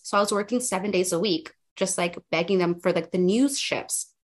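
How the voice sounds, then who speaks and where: In a brisk, mid-pitched voice, a young female journalist shares her career journey as a podcast guest. It's relaxed interview storytelling, animated and chatty, with plenty of fillers.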